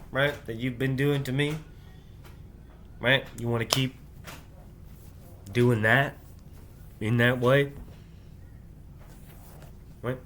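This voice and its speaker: A man of ordinary pitch talking straight to the camera in a rambling monologue. He speaks in short, broken fragments and restarts, and caps almost every phrase with an insistent "right?". A faint hiss of noise sits behind his voice. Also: fairly even intonation, fairly bright tone. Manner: halting, clipped fragments with restarts; insistent, confrontational address. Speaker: vlogger.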